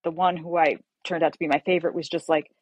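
A woman novelist telling her story as an interview guest in an animated, conversational way. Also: low voice, fast talker, dry recording. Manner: animated, acts out dialogue while telling a story.

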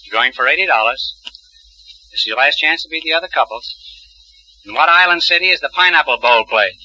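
A man's voice: fairly high pitch, expressive, brisk, bright, forceful tone, rough recording. An older man hosting a quiz show, teasing his contestants with wry puns and quips. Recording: hissy 1950s radio broadcast.

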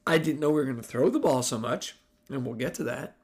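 A man hosting a casual sports podcast, talking in a sarcastic, profane and excitable way. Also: mid-range voice, quick pace, husky. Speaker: podcast host.

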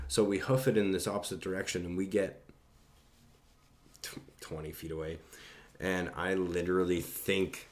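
A man's voice: low-pitched, creaky. A young man telling a casual, profanity-laced anecdote in a rambling way.

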